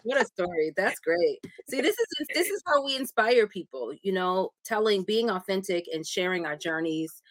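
A woman hosts a podcast, cheering on her guest with affirming, encouraging replies. Her voice sits at an average pitch. The recording is dry, with no room echo. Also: expressive, moderate pace, hardly any pauses. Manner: warmly affirming, encouraging responses. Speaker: podcast host. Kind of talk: casual interview chat.

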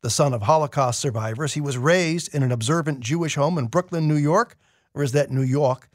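Higher-voiced male radio host. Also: fast, dry recording, studio quality. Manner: friendly, conversational questioning. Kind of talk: radio interview.

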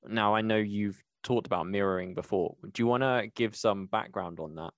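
A man's voice: fairly low pitch, moderate pace, dry recording. A man from the United Kingdom, talking casually and thoughtfully on a podcast. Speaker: podcast co-host, pitch team member.

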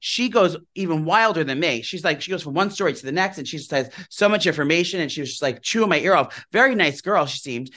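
A man's voice: fairly high pitch, lively intonation, sharp tone. A man co-hosting a podcast, telling gossipy stories in a casual chat. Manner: rapid-fire gossipy storytelling. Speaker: podcast co-host.

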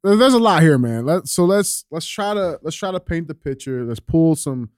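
A man's voice: a little high, expressive, moderate pace, dry recording, clean studio sound. A man hosting a casual podcast who reads out the headlines in a loose, upbeat way, saying "man" and "dude" a lot. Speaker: podcast host reading headlines.

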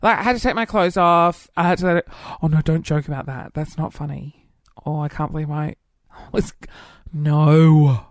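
A man's voice: on the high side, fairly even intonation, a bit bright, dry recording. Camp chatty young man, dry close mic. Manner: camp, chatty and flamboyant, quick asides. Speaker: podcast host. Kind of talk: casual solo podcast chat.

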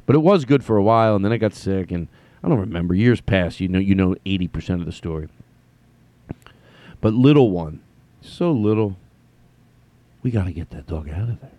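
A man hosting his own podcast, telling a rambling, self-deprecating comic story with halting restarts. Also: low-pitched, expressive, dark tone, no room sound. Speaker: podcast host.

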